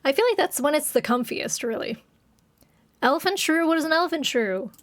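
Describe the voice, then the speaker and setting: A woman streamer chatting casually with her viewers, giggling often and getting excited as she reads the chat. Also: high-pitched, fast talker, no room sound. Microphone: desk microphone.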